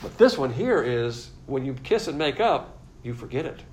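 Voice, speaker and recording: A man's voice: mid-range voice, big pitch swings, normal speed, darkish tone, slight background noise, rough recording. A man teaching a sermon-style Bible lesson, explaining word meanings and repeating his key points.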